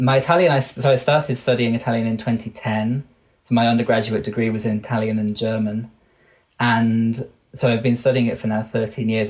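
A man's voice: lowish voice, a little mellow. A man in his thirties from Wales with an English accent, a guest on an interview podcast who speaks thoughtfully and keeps restarting and correcting his sentences. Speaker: guest researcher.

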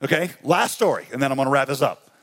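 Man preaching an animated storytelling sermon. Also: fast talker. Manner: animated, conversational storytelling with humor; pitch rises high when excited, drops low and soft when reflective. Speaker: pastor. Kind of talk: storytelling sermon at a ministry conference.

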